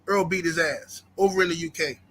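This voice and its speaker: A brisk, high-pitched man with a sharp, forceful edge hosts heated boxing commentary. His swearing flows freely, he keeps firing rhetorical questions at listeners, and his fired-up tone never loses its combative intensity.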